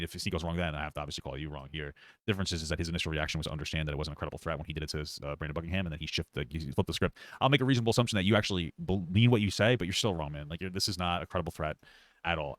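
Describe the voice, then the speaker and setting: Host, male, deep voice, quick blunt debater, dry recording. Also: a bit bright, dry recording. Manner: argumentative, blunt, swears. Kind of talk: casual reaction talk.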